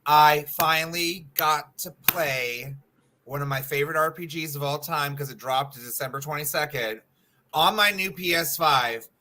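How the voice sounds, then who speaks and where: Bright, teasing man co-host. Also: fairly high pitch, normal speed, a little hiss or hum. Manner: animated, teasing, swears casually. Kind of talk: casual livestream chat.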